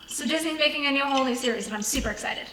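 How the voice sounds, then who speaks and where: Bright, upbeat woman in an echoey room. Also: high-pitched, very fast. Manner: upbeat and chatty. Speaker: co-host. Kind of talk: casual chat. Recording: echoey room with faint noise.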